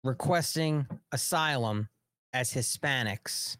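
A man's voice: medium pitch, takes it slowly, a bit bright. A man hosts a live talk show, fired up and repeating his points with a mid-range voice. His voice is close and dry, with no room echo. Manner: fired-up, repetitive. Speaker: host of a political talk show.

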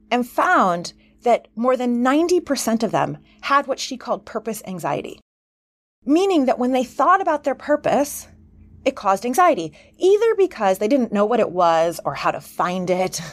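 Earnest, higher-pitched woman podcast host. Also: no room sound. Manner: earnest, animated, self-disclosing. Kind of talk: motivational podcast monologue.

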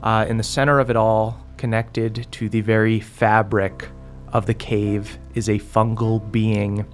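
A young man narrating as a game master in a relaxed way, with many ums and uhs. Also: fairly low pitch, measured pace, faint music behind.

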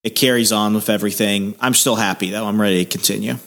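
A man's voice: on the low side, steady tone, quick pace, vocal fry, fairly bright tone. A man co-hosting a podcast, chatting casually with dry, sarcastic asides. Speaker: podcast co-host. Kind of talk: casual chat.

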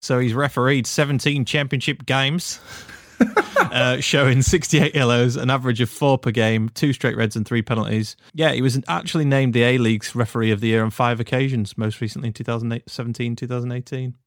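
A young man co-hosting a casual football podcast, with an easygoing manner and a deadpan sense of humour. His voice sits at a middle pitch. The close mic gives a dry sound. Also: a little fast, no room sound. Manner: easygoing, dry jokes, reads out stats. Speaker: podcast co-host. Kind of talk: casual chat.

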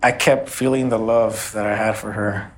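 A man's voice: fairly low pitch, steady tone, normal speed. Man earnestly recounting a traumatic night. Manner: earnest, emotional first-person recounting. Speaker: interviewee recounting a shooting. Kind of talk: documentary interview testimony.

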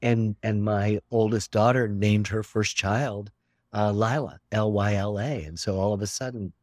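Older male guest, earnest and expansive, lowish voice, dry close sound. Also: steady tone, a little slow, a little mellow, no room sound. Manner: earnest, expansive, repeats words for emphasis. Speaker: documentary filmmaker. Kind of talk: reflective interview talk.

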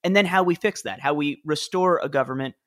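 A guest author in his thirties who once worked as a speechwriter tells anecdotes in a conversational interview. He's animated and self-deprecating, often restarting quickly mid-thought. His voice is on the high side.

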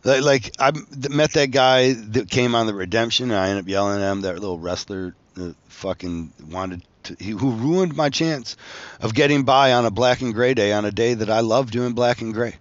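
A man hosting a podcast, telling a profane, animated story and laughing as he goes. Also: mid-range voice, moderate pace, no room sound, muffled recording. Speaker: podcast host, tattoo artist. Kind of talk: casual storytelling.

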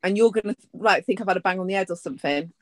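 A woman co-hosting a casual podcast chat from home, self-deprecating and quick to protest. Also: medium pitch, no echo. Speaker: podcast co-host. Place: home with a pet dog nearby.

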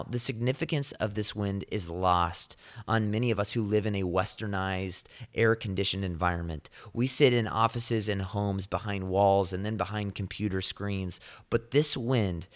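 A male preacher works through a scripture passage, dramatizing it and stopping to ask pointed questions. His voice sits somewhat low for a man. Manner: emphatic, vivid storytelling with rhetorical questions. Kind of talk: expository sermon.

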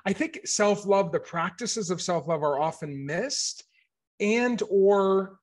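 A man's voice: sits high, lively intonation, takes it slowly. A man in his forties from Maine, co-hosting a casual chat and reflecting earnestly. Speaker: podcast co-host.

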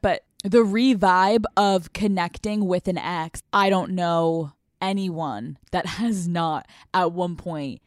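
A young woman hosting an advice podcast, talking casually in a blunt, sassy and profane way, with quick laughs, close to the mic. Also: fairly low pitch, darkish tone, no echo. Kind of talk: casual advice talk answering listener letters.

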